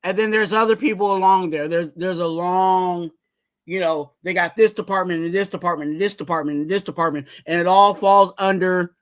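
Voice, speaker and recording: A man's voice: sits high, a bit bright. A man hosting a fan channel, giving casual sports commentary in a rambling way and urging viewers to subscribe.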